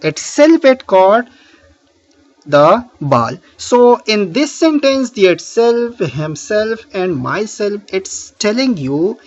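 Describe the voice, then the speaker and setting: A man's voice: high-pitched, big pitch swings, slow pace. A man teaching a grammar lesson, patiently asking questions and answering them himself, with frequent "uh" fillers as he explains. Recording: slightly muffled lo-fi recording.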